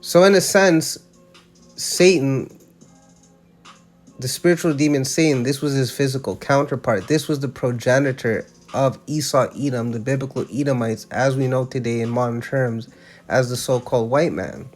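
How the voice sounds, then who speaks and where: A man's voice: mid-range voice, fairly even intonation, normal speed, faint music behind. A man giving casual religious commentary, emphatic and slangy, often restarting his sentences.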